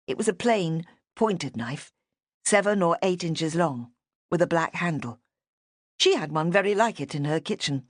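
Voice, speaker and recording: Low-voiced woman narrating an audiobook. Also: dry recording, clean studio sound. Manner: measured, even storytelling. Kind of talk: scripted narration of a mystery novel. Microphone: close studio microphone.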